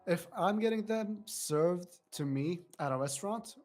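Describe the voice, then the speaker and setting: A man with a somewhat high voice talks eagerly as a guest on a video call, explaining things step by step. His voice is strained and breaks into small cracks every few sentences. Faint music plays behind him. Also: expressive, unhurried, a little mellow. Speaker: guest on a live stream. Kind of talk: casual chat.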